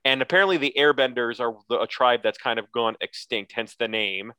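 Bright, animated podcast co-host. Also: male voice, medium pitch, fairly quick, clean tone, dry recording. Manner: animated, breaks into silly character voices. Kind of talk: casual chat recapping a cartoon.

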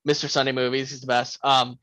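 A man's voice: medium pitch, level tone, fast talker, fairly bright tone, dry recording, low-quality recording. A young man hosting a podcast, chatting casually and animatedly about a film, swearing freely and acting out lines. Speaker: podcast host. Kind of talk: casual film review chat.

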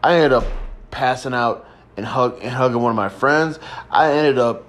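A man's voice: medium pitch, normal speed, a bit bright. A young man in his twenties telling a rambling, crude story in a casual chat. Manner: crude, rambling, laid-back. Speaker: podcast host.

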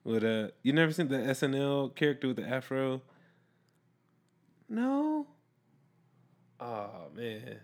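A man's voice: medium pitch, sing-song, slow, long pauses. A young man chatting casually while watching a movie with a friend, rambling with lots of fillers and laughing often.

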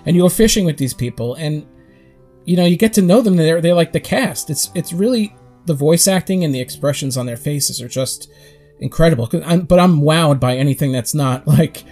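A man co-hosting a podcast, chatting casually and telling stories in a rambling, animated way with quick acted-out quotes. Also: a little high, faint music behind. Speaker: podcast co-host. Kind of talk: casual chat.

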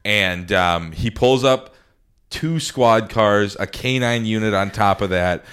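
Man, low voice, smooth tone, casual podcast storyteller, lots of ums and restarts. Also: slow pace, fairly bright tone. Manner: rambling, full of fillers and restarts.

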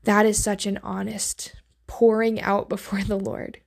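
A woman hosting a devotional podcast, reading and teaching from the Bible in an earnest way. She often drops to a hushed near-whisper on key phrases. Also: medium pitch, little pitch movement, measured pace, vocal fry.

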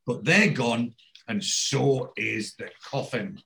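Animated man retelling an episode. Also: mid-range voice, slow, vocal fry. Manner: animated storyteller acting out quoted lines. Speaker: podcast host. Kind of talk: casual episode recap.

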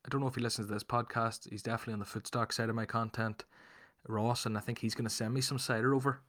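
A man's voice: medium pitch, level tone, fast talker, fairly bright tone. A man hosting a casual podcast chat, chatty and reading out listener questions. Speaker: podcast host.

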